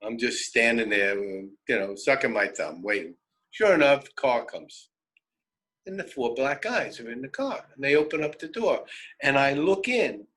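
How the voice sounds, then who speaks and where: An older man with a New York accent spins a road story in a bright, forceful voice that sits at an ordinary pitch for a man. He talks in an animated, wry, conversational way, like someone recalling his own youth for radio listeners. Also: normal speed, poor audio. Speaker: radio host. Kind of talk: personal storytelling.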